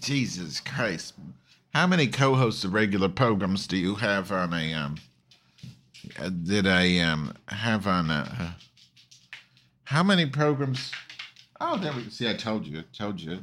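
A man's voice: on the low side, expressive, unhurried, pauses often, fairly bright tone, slight background noise. A man hosting an online call-in show, rambling in a campy, profane, loose way with many restarts. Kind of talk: casual rambling monologue.

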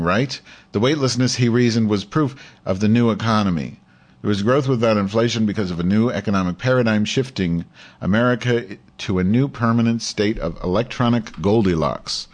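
Deep-voiced man reading with sardonic asides. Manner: sardonic, profane asides between read passages. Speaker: show host. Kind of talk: reading an article aloud with commentary.

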